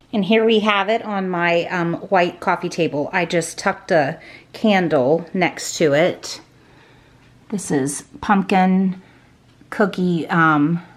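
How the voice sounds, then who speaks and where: A woman's voice: on the low side, fairly bright tone. Chatty middle-aged woman gushing over decor. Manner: chatty, gushing, frequent ums and likes. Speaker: home decor vlogger. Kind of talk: casual haul and decorating vlog. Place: at home indoors.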